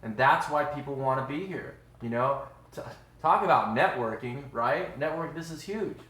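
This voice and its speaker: A man's voice: medium pitch, lively intonation, moderate pace, fairly bright tone. An upbeat, chatty man, hosting a casual live stream from his home kitchen. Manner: upbeat, chatty, says "y'all" a lot. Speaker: livestream host. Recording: roomy echo.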